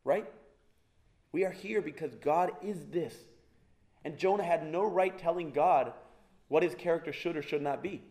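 A man's voice: on the high side, normal speed, long pauses, darkish tone. A male preacher giving a conversational sermon, asking his congregation rhetorical questions, making jokey asides and often restarting his sentences.

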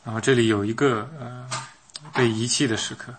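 A man's voice: medium pitch, steady tone, brisk, background noise. A man interpreting a sermon live, hesitant, with frequent fillers and restarts.

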